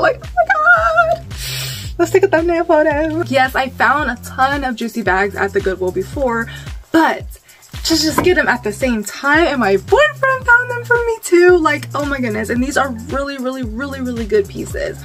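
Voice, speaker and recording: A young woman vlogging about her clothing finds, talking casually with lots of fillers and excited squeals. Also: high voice. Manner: bubbly and gushing, many fillers and squeals. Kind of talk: casual haul vlog.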